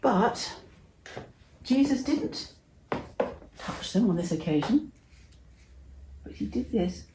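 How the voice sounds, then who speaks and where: A middle-aged woman from England telling a Bible story to children in a chatty, expressive way, acting out the voices. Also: on the high side, slow pace, pauses often, reverberant, a little hiss or hum.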